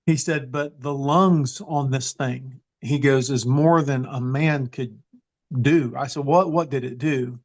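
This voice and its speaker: A man's voice: medium pitch, fairly even intonation, slow pace. A man, an interview guest earnestly telling a personal story with frequent restarts and fillers. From eastern Kentucky.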